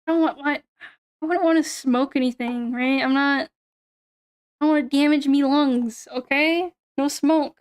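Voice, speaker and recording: High-voiced young woman rambling on stream. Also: normal speed. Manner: rambling, swearing, giggly. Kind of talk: casual chat stream.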